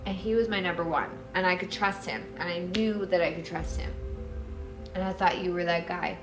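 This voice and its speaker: A woman voicing a solemn, scheming man in a tipsy comic retelling, speaking in a grave, deliberate way. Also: fairly low pitch, fairly even intonation, reverberant, music in the background, voice pushed down, lightly acted.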